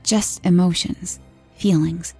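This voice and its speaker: A calm, sorrowful psychic medium talks in a quiet, measured way, at times dropping to a hush. A woman voices her while telling a horror story. The voice is dark with a gravelly texture, and faint music plays under it. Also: fairly low pitch, full character voice. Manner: quiet, measured, sometimes hushed.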